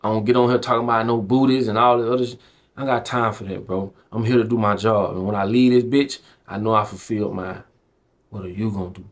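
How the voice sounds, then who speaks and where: A man's voice: fairly low pitch, steady tone, fast. A man, from Belle Glade, giving impassioned direct-to-camera commentary as a vlogger. He talks in an emphatic, preachy way, full of slang, and keeps calling the viewer bro and man. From Belle Glade, Florida.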